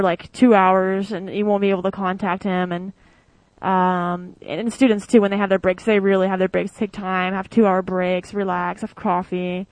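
A woman's voice: mid-range voice, no room sound, low-quality recording. Chatty young American woman, dry sound. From United States. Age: young adult. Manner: chatty, rambling, many fillers. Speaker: interviewee, former exchange student. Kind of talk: casual interview answers.

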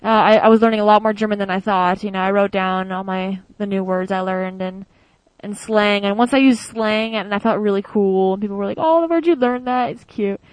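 A woman's voice: medium pitch, little pitch movement, brisk, smooth, dry recording, low-quality recording. Chatty young American woman, dry close sound. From United States. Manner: chatty, many fillers, acts out quoted voices. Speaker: former exchange student. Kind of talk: casual interview storytelling.

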